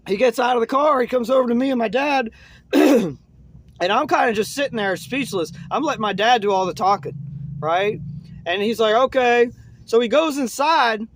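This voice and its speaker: There's no echo as a young man casually spins out a long, wandering tale. He fills gaps with "uh" and "man," and drops to a soft, low tone when the story gets grim.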